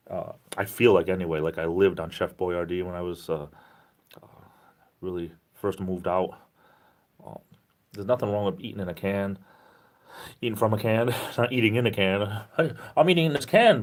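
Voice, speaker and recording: A man with a deep, low voice hosts a casual livestream and answers viewers' comments. He rambles along in a relaxed, chatty way and makes self-deprecating jokes. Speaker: livestream host.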